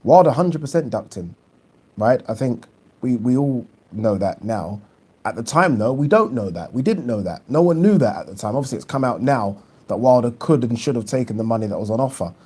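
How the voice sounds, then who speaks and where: A man's voice: medium pitch, very animated, brisk, darkish tone, breathy edge. A man hosting a boxing channel, chatting casually on a live stream and giving his opinions, with frequent ums and repeated words. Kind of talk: casual live-stream chat, reading viewer questions.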